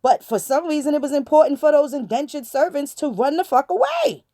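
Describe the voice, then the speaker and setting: A woman hosts her own channel in a blunt, preachy, casual monologue, her peppered with slang and swearing. Her voice sits fairly high but sounds mellow and dark in tone. The recording is dry and close, with no room sound. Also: lively intonation, brisk, dry recording. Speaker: channel host.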